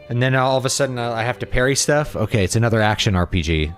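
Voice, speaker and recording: A man in his thirties chats loosely on a gaming livestream, wandering from thought to thought and trailing off. His voice sits at an ordinary middle pitch at a desk mic. Faint game music plays underneath. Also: sing-song, very fast, few pauses. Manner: rambling, thinks aloud, trails off often. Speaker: streamer. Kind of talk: casual gaming livestream chat.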